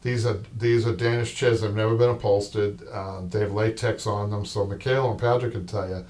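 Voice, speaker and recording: Speaking briskly in a lowish, steady, somewhat dark voice, a Boston man runs a live upholstery show from his own shop. He rambles casually with plenty of restarts and asides. Faint noise comes through on the distant microphone.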